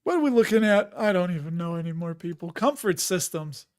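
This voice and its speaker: A man in his fifties with a fairly high, expressive voice hosts a casual dividend investing livestream, talking fairly quickly. He reads viewer comments and chats loosely, joking, laughing often, and wandering off into rambling asides.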